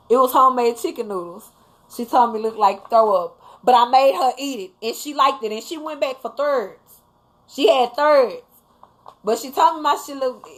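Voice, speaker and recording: A woman's voice: a little high, fairly bright tone. A mother hosting a casual live talk, speaking emphatically and bluntly to her viewers, now and then swearing. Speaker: livestream host talking to viewers.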